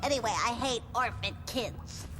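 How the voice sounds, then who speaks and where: A woman's voice: fairly high pitch, moderate pace, lightly acted. A woman voicing a spoiled, mischievous boy Pope in a British cartoon, with a cheeky, taunting, childish manner. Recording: clip with loud music behind.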